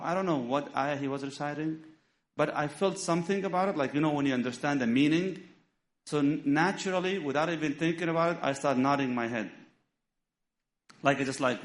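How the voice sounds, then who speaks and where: A middle-aged man whose first language is Arabic, giving a storytelling sermon, acting out dialogue and weaving in Arabic phrases. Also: a little high. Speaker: imam giving a talk.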